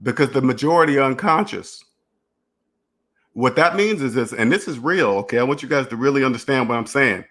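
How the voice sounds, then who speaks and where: A man's voice: medium pitch, animated, brisk, fairly bright tone. A man hosting a finance channel, talking in a rambling, repetitive solo monologue and acting out imagined dialogues. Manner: repetitive, restarts phrases, emphatic.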